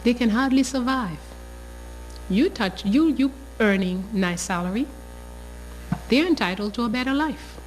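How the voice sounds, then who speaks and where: A woman's voice: fairly high pitch, animated, measured pace, pauses often, slight background noise, poor audio. A woman, telling a story with passion and emphasis. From Haiti. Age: 60s. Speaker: teacher. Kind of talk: storytelling interview.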